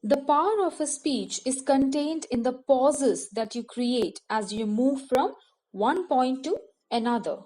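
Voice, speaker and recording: Measured Indian English woman teaching. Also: high voice, lively intonation, dark tone. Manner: measured, instructive, enumerating points. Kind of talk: scripted lesson on public speaking.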